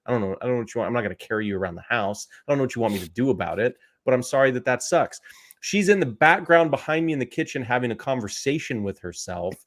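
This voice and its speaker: A man in his thirties, a podcast co-host, telling a story in an animated, sarcastic way and laughing at his own stories. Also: mid-range voice, fast. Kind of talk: casual chat, storytelling.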